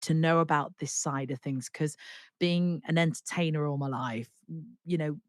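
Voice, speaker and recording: Woman, animated, dry close sound. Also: low-pitched, normal speed, dry recording. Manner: animated, acts out quoted dialogue, many restarts. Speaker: guest singer-songwriter. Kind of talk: candid interview storytelling.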